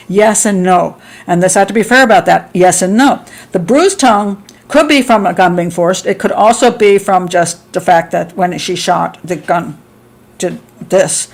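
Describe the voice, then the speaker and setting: A middle-aged woman hosting a live stream, chatting and reading out viewer comments. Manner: chatty, reads viewer comments, laughs often; acts out quotes with sharp jumps in pitch. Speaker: host.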